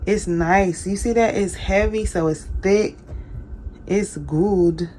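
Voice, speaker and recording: A woman's voice: mid-range voice, takes it slowly, dark tone, a little hiss or hum. A woman hosting a casual craft how-to, chatty and self-deprecating, often apologizing. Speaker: craft tutorial host.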